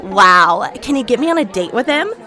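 A woman voicing a spoiled, pushy high school girl who pleads and complains. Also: sing-song, normal speed, bright, forceful tone, a faint crowd. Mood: pleading. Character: spoiled popular teen girl, pushy then humiliated.

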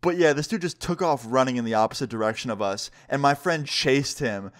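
A male vlogger tells a story straight to camera in a loose, animated way. He swears freely, at a middle pitch. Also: fairly quick. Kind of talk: casual storytime narration.

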